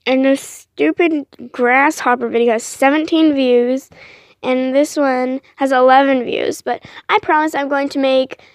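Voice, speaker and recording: Woman, high voice, dry close sound, rambling casual vlog, apologetic, filler-heavy, excitable. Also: unhurried, no room sound. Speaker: vlogger.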